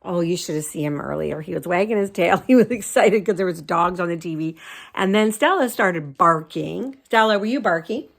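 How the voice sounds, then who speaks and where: A woman's voice: lowish voice, animated, normal speed, gravelly. An older woman chatting casually to her camera, laughing often and cooing at her dogs. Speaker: vlogger.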